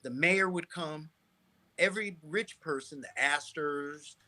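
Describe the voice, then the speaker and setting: A middle-aged man, a guest on an interview show, telling stories in a lively way, restarting phrases and checking in with "right?". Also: on the high side, slow pace. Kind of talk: casual interview storytelling.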